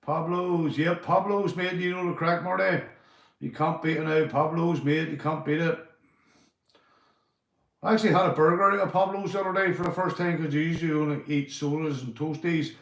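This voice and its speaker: A Northern Irish man live-streaming from home, chatting casually, swearing and giving shout-outs to his viewers. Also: on the high side, steady tone, normal speed, roomy sound. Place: indoors at home.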